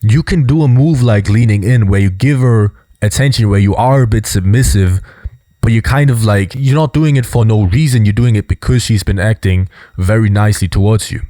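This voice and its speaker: A man hosting a casual video commentary, explaining in a relaxed way with lots of fillers. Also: fairly low pitch, moderate pace, no echo, clean studio sound. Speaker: host.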